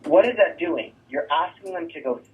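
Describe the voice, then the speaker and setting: A man gives a real estate sales lesson in a coaching tone, tossing in quick "right?" checks as he walks through his scripts. His voice sits a little high for a man. The recording is narrow and phone-like, and he sounds set back from the microphone. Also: animated. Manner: coaching, rhetorical "right?" asides. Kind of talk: sales training talk. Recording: thin phone-like distant sound.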